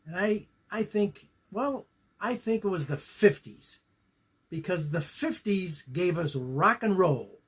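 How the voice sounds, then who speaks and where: A man in his eighties telling a deadpan, wisecracking comic monologue. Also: high-pitched, slow, breathy edge. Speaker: comedian. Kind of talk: stand-up comedy monologue.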